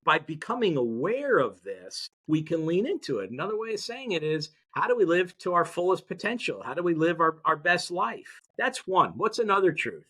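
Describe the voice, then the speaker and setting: Upbeat male interview guest, expressive and slightly high-pitched, coaching tone. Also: normal speed, few pauses, slightly rough. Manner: energetic, motivational, audience-engaging. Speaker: podcast guest, mindset educator. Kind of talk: conversational interview.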